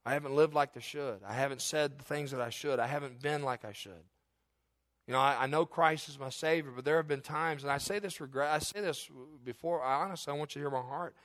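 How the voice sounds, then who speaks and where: Male pastor, animated sermon delivery, voice sits a bit high. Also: brisk. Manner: animated storytelling with sudden loud high bursts.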